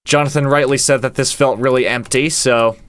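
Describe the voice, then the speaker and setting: Man, producer walkthrough, smooth clear voice, middle pitch, relaxed, counts beats out loud, faint music behind. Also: a little fast. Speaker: producer and guitarist. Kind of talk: casual walkthrough of a song's production.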